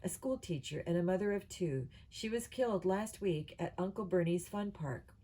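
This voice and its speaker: A woman reads the part of a serious male announcer narrating a mission video, laying out grim facts evenly. The voice is mellow and a little low. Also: lively intonation, moderate pace. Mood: grave.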